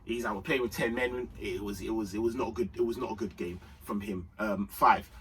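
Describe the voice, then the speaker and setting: A young man giving an excited football match reaction, full of slang, dropping to mutters and rising to shouts. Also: brisk, distant mic, a little hiss or hum. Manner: animated London slang, swings between low muttering and shouting. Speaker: football fan vlogger.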